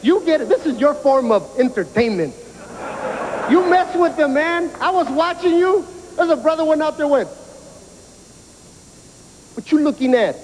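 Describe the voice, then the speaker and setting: Man doing stand-up, high voice, animated storytelling, noisy outdoor recording. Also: normal speed, big-room sound. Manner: animated storytelling, mimics people. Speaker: stand-up comedian. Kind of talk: stand-up comedy to inmates. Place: prison yard.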